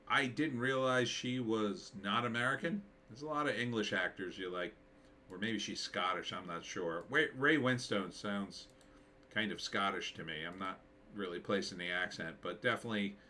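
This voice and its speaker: A screenwriter gives casual commentary on a movie trailer, thinking out loud and rambling with plenty of fillers. His voice is on the low side with a sharp tone.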